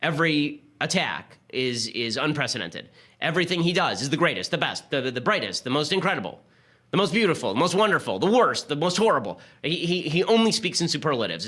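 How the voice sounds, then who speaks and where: Fast, bright-voiced male commentator. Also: medium pitch. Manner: rapid, sarcastic, argumentative. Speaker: host. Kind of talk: political commentary.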